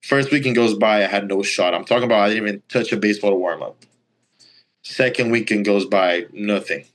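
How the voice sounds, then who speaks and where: A young Brazilian college baseball player, a native Portuguese speaker, guests on a casual interview and tells stories. He's animated, acts out quoted lines, and fills his speech with "like" and "you know," talking a little fast in a lowish voice.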